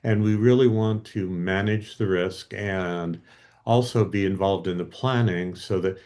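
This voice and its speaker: Very deep voiced guy, guest expert, explaining stuff plainly. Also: steady tone, measured pace, mellow. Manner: plain-spoken, explanatory, with acted-out quotes. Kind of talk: explaining in an interview.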